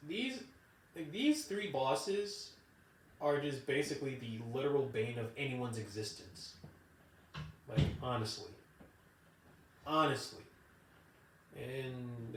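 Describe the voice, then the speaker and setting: A man's voice: mid-range voice, slight background noise. A young man ranting casually as a vlogger in a rambling, profane, loose way. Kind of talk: casual rant to camera. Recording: roomy, distant from the mic.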